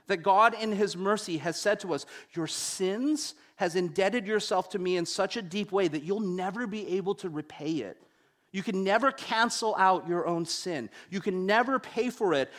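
Animated young man preaching a sermon. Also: high voice. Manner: animated storytelling, wide swings between loud and hushed.

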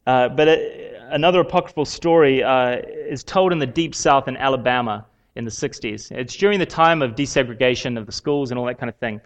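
A man giving a sermon in a conversational way, with frequent pauses and fillers. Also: medium pitch. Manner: conversational, halting with many fillers. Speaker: preacher.

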